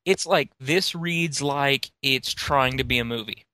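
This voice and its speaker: A man's voice: mid-range voice, measured pace, bright, forceful tone, dry recording. A tipsy man who keeps hiccuping, chatting casually, swearing freely and rambling as he talks. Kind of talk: casual chat.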